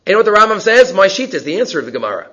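A man with a fairly high voice teaches a lesson on Jewish law. He reads Hebrew source passages and then explains them emphatically in plain English. The recording sounds dull and lo-fi. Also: big pitch swings, very fast, sharp tone. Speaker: Torah teacher.

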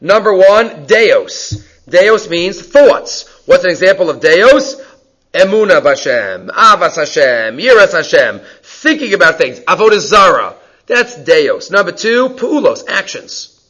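A man's voice: high-pitched, very animated, unhurried, bright, forceful tone. A man giving a lesson on Jewish law, reading Hebrew passages aloud and explaining them in English with emphasis. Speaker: Torah teacher. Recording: dull lo-fi recording.

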